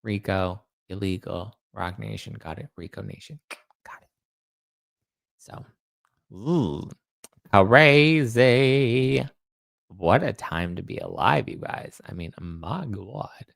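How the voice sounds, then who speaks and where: A man's voice: low voice, lively intonation, measured pace, vocal fry, long pauses. A man hosting a celebrity gossip show, chatting casually in a rambling way and reading out viewer comments. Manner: rambling, chatty, restarts and self-corrects. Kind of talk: casual chat.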